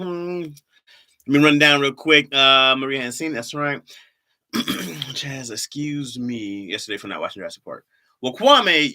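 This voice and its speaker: A bright, lively man with a fairly low voice chats loosely with his viewers on a live stream. He reads their comments aloud, laughs easily, and jumps between teasing and talking through his thoughts on comedy. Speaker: streamer reading chat. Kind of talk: casual live-stream chat.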